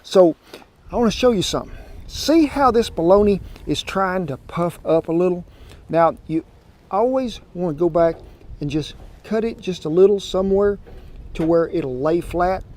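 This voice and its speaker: A man's voice: high-pitched, expressive, moderate pace, darkish tone. Folksy man cooking outdoors. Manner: folksy, drawling, chatty. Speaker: cooking show host. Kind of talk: casual cooking demonstration. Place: outdoors by a smoker grill.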